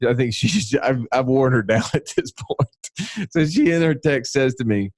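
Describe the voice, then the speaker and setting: A man's voice: medium pitch, lively intonation, unhurried, a little mellow, no echo. Southern guy cohosting a podcast, bouncy up-and-down voice, dry close sound, jokey storyteller. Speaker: podcast co-host. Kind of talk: casual podcast chat.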